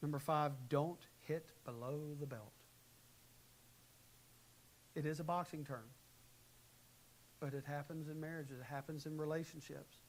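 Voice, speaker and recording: A man preaching a sermon in a church, animated, shifting between quiet, calm advice and loud, acted-out quotes. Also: on the high side, measured pace, long pauses, rough recording. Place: church sanctuary. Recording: faint hiss, live church recording.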